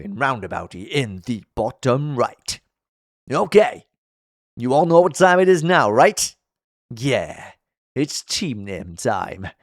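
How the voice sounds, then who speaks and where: A man riffing his way through a cartoon recap, bouncy sing-song delivery that swoops up and down and makes fun of himself as he goes. he's close to the mic in a dead, dry room with no echo at all. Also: medium pitch. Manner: jokey, animated, self-mocking. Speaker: video commentator. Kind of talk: playful commentary.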